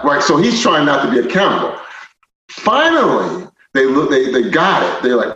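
A man telling a personal story as a podcast guest, animated, moving from quiet stretches to loud indignant retellings. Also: mid-range voice, normal speed. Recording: roomy, slightly dull podcast audio.

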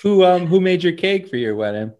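A man co-hosting a podcast over a video call, playful and quick with jokes and interjections. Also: high voice, sing-song, noisy background. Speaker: podcast co-host. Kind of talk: casual podcast chat. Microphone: video call mic.

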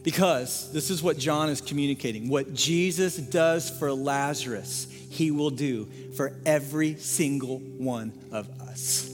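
A pastor with a high voice preaches a sermon in a large, reverberant church, with soft music underneath. He drops to near-whispers, then rises into loud, fervent appeals and sometimes sings a line. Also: unhurried, hardly any pauses. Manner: swings from hushed quotes to loud fervent preaching, sings snatches of hymns. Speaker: lead pastor.

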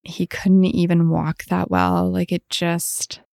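A woman's voice: on the low side, completely flat delivery, slow pace, creaky, a little mellow, no echo, studio quality. A woman hosting a podcast, telling heartfelt stories about her farm animals in a tender, emotional way. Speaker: podcast host.

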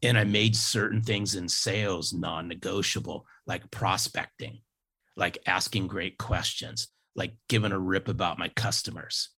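In storytelling interview talk, a fifties-aged man drives his points home by repeating key phrases emphatically, much like a veteran sales coach. His voice is very low and gravelly with a husky edge, and his tone sounds sharp.

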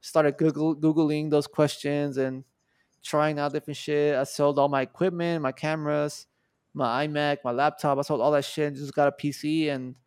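This podcast guest, a Mexican man in his twenties, tells a story in a profane, animated way, acting out the dialogue. His voice is a little high and clean, at normal speed, with studio-quality sound and no echo.

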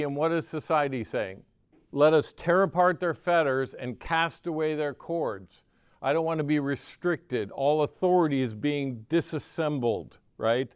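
An older man delivering a lively, conversational sermon, checking in with his listeners again and again. His voice sits a little high and comes through smooth and clear. The sound is close and dry, with no room echo. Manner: animated, asks the audience "right?" often, acts out quoted voices. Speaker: pastor.

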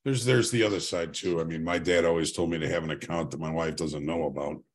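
A man's voice: sits low, fairly even intonation, fast talker. A man guest on a podcast, a performance coach, chatting casually in a laid-back, reminiscing way with dry humor.

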